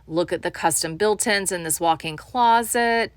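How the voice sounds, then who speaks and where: A woman's voice: fairly low pitch, normal speed, no echo. An enthusiastic woman giving a home tour as a real estate agent, often calling out to viewers as "you guys.".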